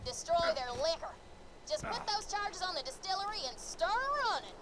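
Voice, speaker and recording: A woman's voice: very high-pitched, expressive, normal speed, very noisy. An actress voicing a brash, crude young backwoods woman in a video game, folksy and wisecracking. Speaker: game character.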